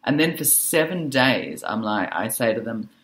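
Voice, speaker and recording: A woman social worker and author, a guest on a podcast, telling animated stories about teaching teenagers and laughing easily. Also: rumbling low, moderate pace. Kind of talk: conversational interview.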